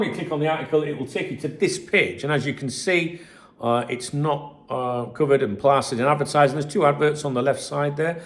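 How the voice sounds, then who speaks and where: A man's voice: on the high side, fairly quick. Chatty man rambling at his desk. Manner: chatty, rambling, swears freely. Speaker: channel host. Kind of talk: casual vlog chat to camera. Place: home office, at his desk.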